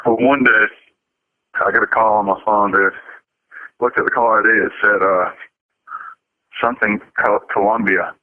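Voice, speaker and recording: Dude cussing his way through goofy stories, lowish voice, sounds like a phone line. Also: steady tone, moderate pace, long pauses, no room sound. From Alabama. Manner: rambling, profane, joking storyteller. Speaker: podcast co-host. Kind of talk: casual chat. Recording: dry, phone-like lo-fi audio.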